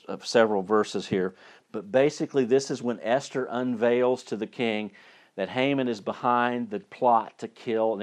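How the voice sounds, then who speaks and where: A male preacher giving a sermon, retelling a Bible story in a casual, conversational way and often restarting and repeating words. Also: fairly low pitch.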